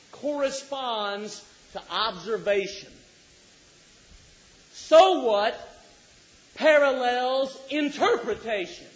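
A middle-aged man preaching a sermon, joking with the congregation and rising to shouts for emphasis. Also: extremely high pitch. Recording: dull lo-fi recording.

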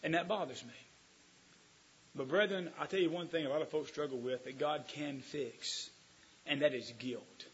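A man preaching a sermon, folksy and emphatic, swinging from quiet asides to loud declarations. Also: on the high side, moderate pace, highs cut off, slight background noise.

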